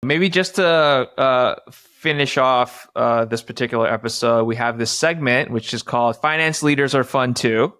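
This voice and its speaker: A man's voice: mid-range voice, moderate pace, few pauses, a bit bright, smooth. A man hosting a casual podcast conversation, asking friendly questions in loose, filler-laden phrasing. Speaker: podcast host, finance executive.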